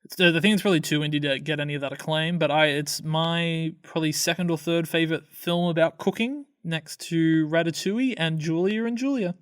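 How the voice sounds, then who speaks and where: A man's voice: on the high side, steady tone, a little fast, hardly any pauses, fairly bright tone, smooth, dry recording, clean studio sound. A man co-hosting a casual film podcast, enthusing about movies and restarting sentences as he goes. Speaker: podcast co-host. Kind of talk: casual chat.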